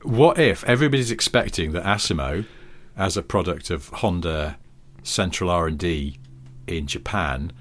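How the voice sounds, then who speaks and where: A man with a lowish voice, chatting on a podcast. He builds absurd scenarios in a dry, wry way, often chuckling as he goes. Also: normal speed, few pauses, a bit bright, a little hiss or hum. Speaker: podcast co-host. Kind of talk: casual comedic chat.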